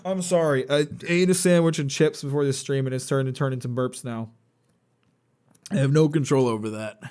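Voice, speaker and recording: A young man with a clean, slightly mellow mid-range voice talks briskly on a live stream while building a model kit. His casual chat rambles and is blunt, profane, and sardonic.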